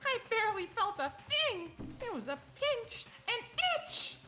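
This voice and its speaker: A woman's voice: very high-pitched, sing-song, unhurried, bright, forceful tone, faint music behind, exaggerated voice. A woman voicing a sadistic, taunting robot bear mascot during a game playthrough. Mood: gloating. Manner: taunting, gleeful menace. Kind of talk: game let's play voice acting.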